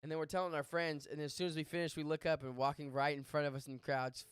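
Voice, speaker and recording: Animated young man telling a story. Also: fairly high pitch, smooth, dry recording, clean studio sound. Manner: animated, profane, quick asides. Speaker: podcast host. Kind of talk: casual storytelling chat.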